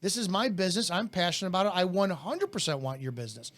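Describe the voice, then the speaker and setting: A man's voice: sits high, sing-song, fast talker, a bit bright. A man coaching network marketing in a blunt, intense, in-your-face way, in casual talk.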